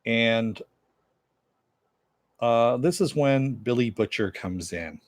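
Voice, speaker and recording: A man's voice: medium pitch, expressive, takes it slowly, dry recording, studio quality. A man giving a casual, rambling recap of a TV episode, full of fillers and asides to viewer chat. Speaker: TV show reviewer.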